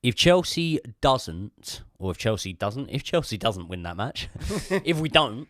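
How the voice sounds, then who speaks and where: A man's voice: mid-range voice, sing-song, unhurried, a bit bright, no room sound, clean studio sound. A man hosting a podcast, chatting casually about football, opinionated and swearing freely with rambling asides. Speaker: podcast host. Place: podcast room.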